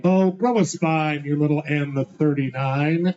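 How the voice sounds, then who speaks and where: A man calling bingo at a live venue, cracking quick rhyming jokes and slowing down to spell out each number. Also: on the high side, highs cut off. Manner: playful, punchy one-liners, slows to spell out each number. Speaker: bingo caller.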